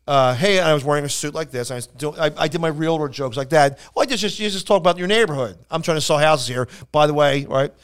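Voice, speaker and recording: A male comedian spins rambling stories on a casual podcast, tripping over his restarts and acting out the people he quotes. His voice sits a little high and comes out smooth and clean. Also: quick pace, few pauses. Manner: rambling anecdotes with many restarts and acted-out quotes. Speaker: stand-up comedian and podcast co-host. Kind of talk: casual storytelling chat.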